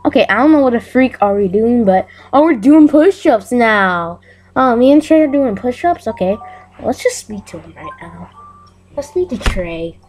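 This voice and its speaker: Faint music plays behind a woman whose fairly high, darkish voice is animated and moderately paced. As a gameplay video host, she narrates aloud and keeps up chatty, giggly commentary while playing.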